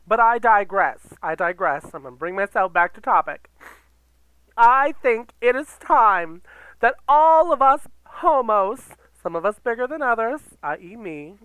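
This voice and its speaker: Man doing a campy drag queen podcast host, high voice, dry close sound, theatrical rant. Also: lively intonation, measured pace, fairly bright tone, smooth, dry recording, rough recording. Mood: outraged. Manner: theatrical, gasping, swearing, camp. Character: campy, dramatic drag queen persona, adult woman. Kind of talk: ranting podcast monologue. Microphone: computer sound recorder.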